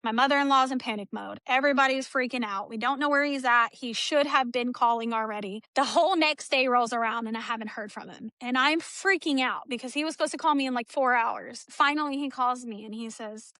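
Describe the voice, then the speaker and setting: A woman's voice: fairly high pitch, a little fast, few pauses, sharp tone, dry recording. A woman from Texas, a guest in an interview, giving an emotional personal account and acting out the dialogue as she tells it. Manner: storytelling, acts out quoted dialogue.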